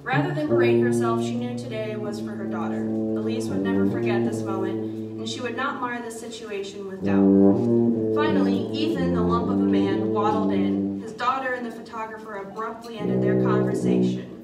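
A woman writer giving a dramatic, expressive live reading of her own story and poem in an art gallery. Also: medium pitch, moderate pace. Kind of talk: live spoken-word reading with music. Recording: echoey gallery from far off, loud tuba music.

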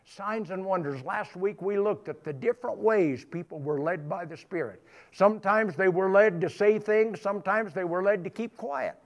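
Man preacher, high pitch, emphatic sermon delivery with repeated phrases. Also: normal speed. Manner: emphatic, repetitive preaching with rising bursts. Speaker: pastor. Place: church sanctuary.

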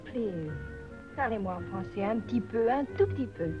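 A woman's voice: mid-range voice, lively intonation, fairly quick, over music, close to an everyday voice. An actress playing a homesick young French woman with a French accent, emotional and pleading in 1930s film acting. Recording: dull 1930s film soundtrack.

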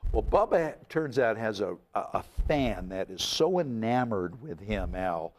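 A man hosting a casual talk show, animated and jokey, often breaking into laughter. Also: on the low side, measured pace, a little hiss or hum. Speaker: host. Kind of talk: casual chat.

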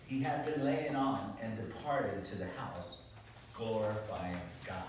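A man teaching a Bible doctrine class as pastor, animated and full of rhetorical questions, often asking "right?". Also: on the low side, measured pace. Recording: echoey classroom from far off, noisy.

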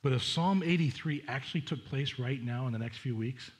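A middle-aged man, a pastor preaching a sermon in a chatty, animated way with asides to the congregation. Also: medium pitch, fairly quick.

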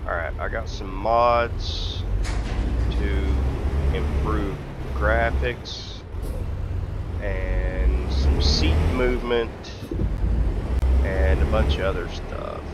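A man's voice: on the low side, expressive, drawn-out words, pauses often, dull audio, heavy background noise. A man hosting a casual gameplay video, joking and rambling, drawing out and repeating words as he talks. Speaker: gaming channel host.

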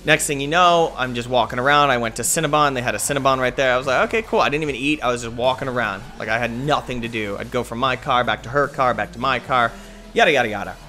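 A man's voice: mid-range voice, quick pace, bright, forceful tone, soft background music. A young man telling a rambling story in a laid-back, casual way, full of "like" and "uh", while playing a game. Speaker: gaming video host. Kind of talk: casual gameplay commentary and storytime.

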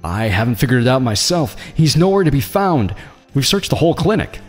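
A nervous, apologetic chief doctor of a psychiatric hospital, as a male narrator puts him on in a storybook reading. His voice sits higher than the narrator's own and rings with a long reverb over soft music. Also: sing-song, fairly quick. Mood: flustered.

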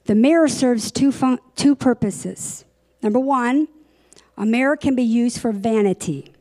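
A woman with a fairly high, darkish-toned voice teaches a church Bible lesson. She reads verses aloud and explains them deliberately, now and then correcting herself.

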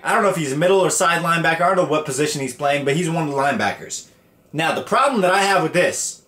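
A man's voice: a little high, fairly bright tone, reverberant. A man hosting a podcast, crudely and animatedly retelling a story and acting out the characters' lines. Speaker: podcast host. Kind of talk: profane comedic retelling.

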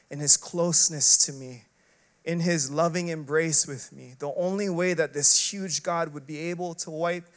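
A male preacher with a fairly high voice delivers his sermon in a loose, chatty way. He pours in rhetorical questions and casual filler, then drops to a hush before rising to loud emphasis. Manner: swings between loud emphatic and quiet hushed passages. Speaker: associate pastor.

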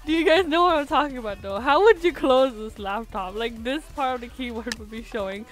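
A woman's voice: on the high side, fairly quick, faint music behind. A woman streaming a building game, chatting in a self-mocking way and breaking into laughs and squeals. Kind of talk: casual game-stream commentary.

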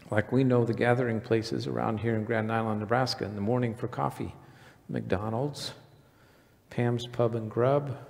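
A man's voice: mid-range voice, gravelly, a little mellow. A male pastor giving a conversational sermon in a church, putting questions to the congregation. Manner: conversational preaching, quizzes the congregation. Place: church sanctuary. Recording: reverberant church hall.

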